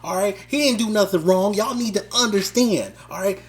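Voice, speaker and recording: A man improvising a boastful male rapper campaigning for president, talking about himself and rising to shouts. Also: sits high, a little fast. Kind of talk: improvised wrestling-style promo.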